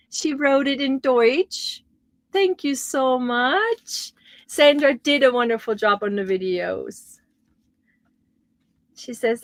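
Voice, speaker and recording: Slow-talking, high-pitched woman host. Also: no echo, rough recording. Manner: gushing, exclaiming over gifts. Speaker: crochet livestream host. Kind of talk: casual livestream chat.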